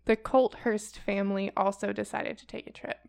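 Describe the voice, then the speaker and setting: A woman's voice: mid-range voice, flat delivery, normal speed, vocal fry, darkish tone. A young woman co-hosting a true crime podcast, telling the story in a casual, chatty way with hesitations and laughs. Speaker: podcast co-host.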